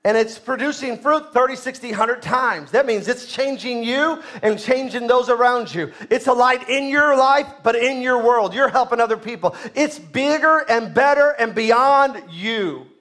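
A man preaching a sermon as pastor, emphatic, swinging between loud bursts and soft asides, asking the congregation questions. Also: very high-pitched, normal speed, few pauses.

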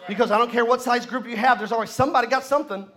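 A man's voice: very high-pitched, rapid-fire, sharp tone, some chatter behind. A male pastor preaching a sermon at a church service, leading the congregation in call and response.

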